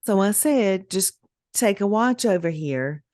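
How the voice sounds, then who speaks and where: A middle-aged woman, co-hosting a podcast and telling a story in casual chat, animated and laughing as she acts out the voices she quotes. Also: medium pitch, unhurried, no echo, clean studio sound. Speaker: podcast co-host.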